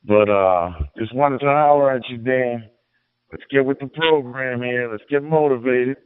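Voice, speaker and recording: A man's voice: mid-range voice, measured pace, clean tone, no room sound. A middle-aged man from Illinois, an amateur radio operator chatting casually in a folksy, rambling way, repeating his words. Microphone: radio transceiver mic. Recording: narrow, dry radio transmission.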